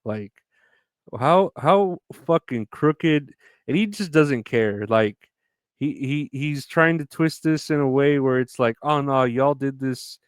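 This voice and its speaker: A man's voice: a little high, animated, slow, no room sound, studio quality. A man hosting a solo podcast, ranting in a profane, sarcastic way with crude jokes. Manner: profane, sarcastic, mocking quoted voices. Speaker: podcast host. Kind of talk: rambling solo podcast rant.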